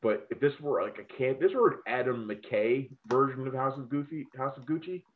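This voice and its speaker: Brisk and mid-range in voice, this podcast host and film critic chats casually about movies, rambling, profane, and full of strong opinions. The audio sounds tinny, like a phone line.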